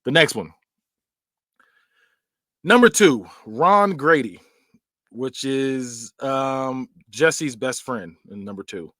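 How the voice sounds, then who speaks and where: A man's voice: mid-range voice, takes it slowly, long pauses, dry recording, clean studio sound. A man hosting a podcast, recapping film scenes in a loose, conversational way and acting out screams and quoted lines. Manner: animated, acts out scenes with yelps and quoted voices; loose and conversational with frequent fillers. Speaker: podcast host. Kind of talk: casual movie recap.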